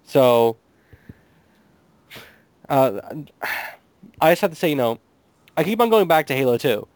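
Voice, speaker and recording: A young man co-hosts a casual gaming chat, dry in humor and hesitant, with frequent ums. His smooth, mid-pitched voice sounds close and dry. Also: sing-song, a little slow, darkish tone, dry recording. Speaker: podcast co-host.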